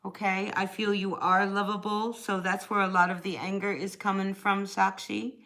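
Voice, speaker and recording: A woman's voice: mid-range voice, level tone, normal speed, a bit bright. A woman chatting casually during a live tarot reading, answering viewers by name and laughing often. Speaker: tarot reader.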